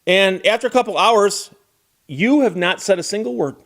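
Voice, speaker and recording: Wry man with a fairly high voice. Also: moderate pace, fairly bright tone. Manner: conversational, wry, talks straight to the viewer. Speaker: legal commentator. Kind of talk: casual explanatory commentary.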